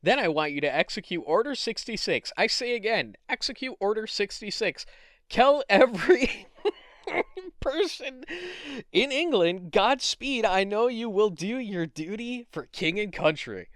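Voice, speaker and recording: A man's voice: high voice, animated, a little slow, a bit bright, no room sound, clean studio sound, pitched above the performer's own voice. A man playing a pompous self-declared king who gives grand commands. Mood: commanding.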